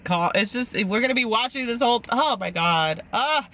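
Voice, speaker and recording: Bright high-pitched chatty man. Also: animated, moderate pace. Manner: chatty and rambling, heavy use of "like", acts out quotes. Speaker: vlogger recapping a reality show. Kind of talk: casual recap chat.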